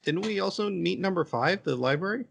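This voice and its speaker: A man's voice: high voice, animated, a little fast, gravelly, fairly bright tone, breathy edge. A man co-hosting a podcast in casual chat, bluntly exasperated about what he dislikes. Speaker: podcast co-host.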